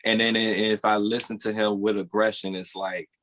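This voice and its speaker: Here a podcast co-host speaks at normal speed in a lowish, fairly bright voice with a flat delivery. He rambles loosely, starts his thoughts over, and hedges things with "or whatever."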